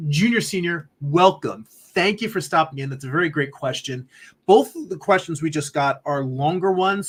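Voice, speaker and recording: A man's voice: fairly high pitch, husky. A man casually chatting on a livestream as an artist, laughing easily and reading viewer comments aloud. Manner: relaxed, rambling, laughs often, reads chat comments aloud. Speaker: artist streamer answering chat.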